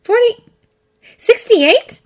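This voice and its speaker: A woman voicing an anxious, sharp female tooth fairy with wings, talking high, breathless and quick. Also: expressive, exaggerated voice. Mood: dismayed.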